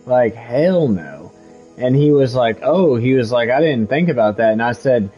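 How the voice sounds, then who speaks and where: A man's voice: medium pitch, lively intonation, normal speed, warm tone, lo-fi sound. Missouri man streaming games from home, swears constantly, fired-up storyteller, faint music behind him. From Missouri, USA. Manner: profane, heated storytelling. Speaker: game streamer. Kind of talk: casual chat while gaming.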